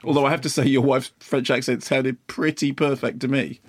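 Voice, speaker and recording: A man co-hosting a film review radio show, telling a story in animated casual chat with bursts of excitement. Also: medium pitch, brisk, breathy edge, no room sound. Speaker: film critic co-host.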